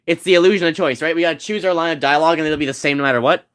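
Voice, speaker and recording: A man's voice: fairly high pitch, very fast, fairly bright tone. A man streaming a game, chatting casually and joking with his viewers in a rambling way. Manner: rambling, joking, talks to chat. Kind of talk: casual gameplay chat.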